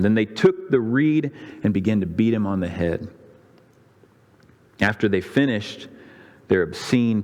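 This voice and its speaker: Pastor, male, lower pitch, dramatic sermon storytelling, church-hall reverb. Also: darkish tone. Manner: dramatic storytelling, voicing the crowds' and priests' lines with rising pitch. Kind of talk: sermon retelling a scripture story. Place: church sanctuary.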